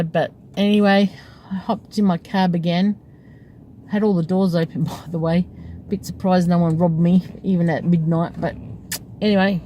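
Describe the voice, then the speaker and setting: A woman's voice: fairly low pitch, mellow, a little hiss or hum, rough recording. A woman, a taxi driver, telling a story from her night in a casual, chatty way and breaking into laughter often.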